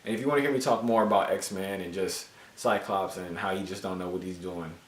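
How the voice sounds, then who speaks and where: A man casually reviewing a comic book, animated and joking with frequent swearing. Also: sits low, a little fast, recorded from a distance. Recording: roomy echo, voice off-mic.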